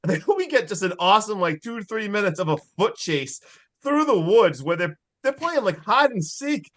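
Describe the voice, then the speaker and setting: A man co-hosting a casual podcast, retelling a horror film with eager, laughing energy. His voice sits a little high for a man, and he talks in quick excited bursts. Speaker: podcast co-host. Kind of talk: casual movie recap chat.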